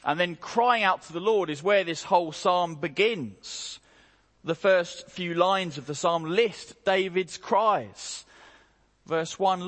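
A man preaching a morning sermon, slow and emphatic, with dramatic rises and quiet drops. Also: sits high. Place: church hall. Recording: long hall reverb.

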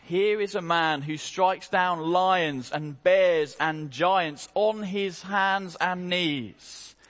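A man preaching a morning sermon, slow and emphatic, with dramatic rises and quiet drops. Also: sits high. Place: church hall. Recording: long hall reverb.

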